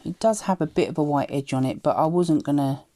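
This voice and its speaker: A woman's voice: deep voice, brisk, warm tone, no echo. A woman with a light Cockney-tinged accent, chatting casually as she works on a craft project and often dropping into a whisper. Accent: light Cockney-tinged London. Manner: chatty, muttering to herself while working, often drops to a whisper. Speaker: craft vlogger.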